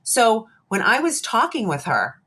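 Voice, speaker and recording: A woman's voice: a little high, huge pitch swings, measured pace, fairly bright tone, husky. A woman speaking as a psychologist guest in an interview, earnest and emphatic, often repeating her key points. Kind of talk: interview conversation.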